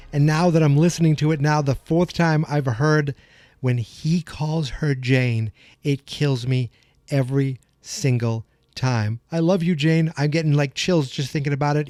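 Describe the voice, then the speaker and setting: Mellow-voiced man recapping a TV episode. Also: a little high. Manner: chatty, emotional fan retelling scenes. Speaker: podcast host.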